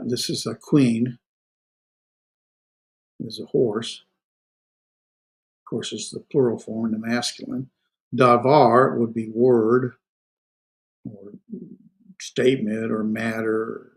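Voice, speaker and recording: A man with a middle-pitched voice gives a recorded classroom lecture on grammar. His talk is loose and full of "uh" and self-corrections. He slows down sharply when he sounds out example words one syllable at a time. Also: little pitch movement, low-quality recording. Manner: frequent fillers and self-corrections, explanatory. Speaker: Hebrew instructor.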